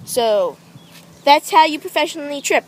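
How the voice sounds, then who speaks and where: A woman's voice: sits high, expressive, moderate pace, a little hiss or hum, low-quality recording. A young woman hosting an improvised spoof documentary, playful and mock-formal as she interviews friends outdoors. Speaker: interviewer and host.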